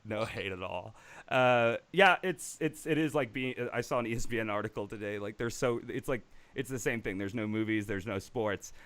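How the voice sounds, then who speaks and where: Hosting a laid-back movie talk show streamed live, this man speaks at a normal pace in a voice on the low side. He rambles along animatedly, laughing and restarting as he goes.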